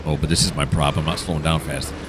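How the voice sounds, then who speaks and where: Over a noisy background, this man talks fast in a steady bass voice while commenting on a train simulator game. His casual commentary is jokey and self-mocking, wandering from thought to thought.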